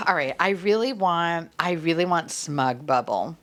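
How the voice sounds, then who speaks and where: Young woman vlogger, very animated, gushing and profane, squealing over toys. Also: low voice, unhurried, few pauses. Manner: gushing, swears a lot, squeals with delight. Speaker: unboxing vlogger. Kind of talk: casual unboxing chat.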